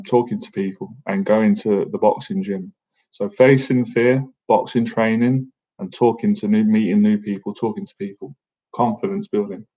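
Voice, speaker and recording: A man's voice: fairly low pitch, dark tone. A man in his thirties hosting a casual live-stream Q&A, chatty and jokey, often tacking "man" onto his sentences. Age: 30s. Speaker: boxing coach and livestream host. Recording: dull lo-fi stream audio.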